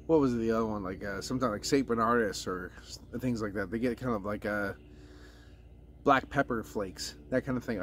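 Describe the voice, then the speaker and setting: A man's voice: on the low side, slight background noise. Rambling, swearing man reviewing beer. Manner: rambling, profane, self-correcting. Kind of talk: casual beer review vlog.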